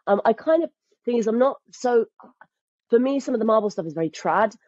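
A woman's voice: a little high, brisk, no room sound. A woman in her thirties, a guest on a podcast, who tells stories with lots of laughter and restarts her sentences. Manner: animated storyteller, laughs often, restarts sentences. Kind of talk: casual chat. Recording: dull lo-fi dry sound.

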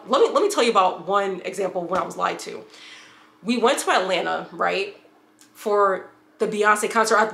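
A woman's voice: medium pitch, pushed and bright, reverberant. A woman from upstate New York telling a personal story in a casual, candid vlog, rambling and swearing freely. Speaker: vlogger.

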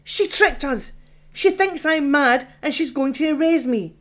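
A woman's voice: sits high, a little slow, fairly bright tone, pitched above the performer's own voice. A woman voicing a frightened male artificial intelligence who pleads and blurts out in exasperation, in an audiobook. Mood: panicked.

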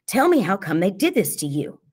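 A woman voicing a wary, blunt teenage boy who speaks curtly in a hushed voice. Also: mid-range voice, big pitch swings, a little fast, breathy edge, voice pushed up. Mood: cold.

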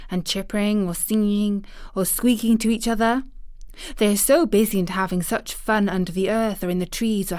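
A woman's voice: medium pitch, darkish tone, no room sound, studio quality, close to an everyday voice. Mary, a blunt little girl, read by a woman. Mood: eager. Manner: blunt, contrary, eager when describing the moor.

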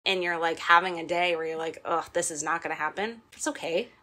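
A woman's voice: on the low side, brisk, sharp tone. A woman co-hosting a casual podcast chat, reflective and encouraging, often chiming in to agree. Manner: affirming, reflective, many "yeah"s. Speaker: podcast co-host.

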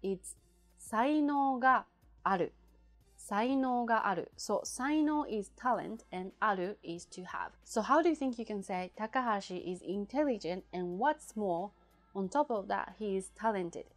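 A woman whose first language is Japanese, teaching a casual language lesson and patiently repeating example phrases slowly and clearly. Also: mid-range voice, animated, soft background music.

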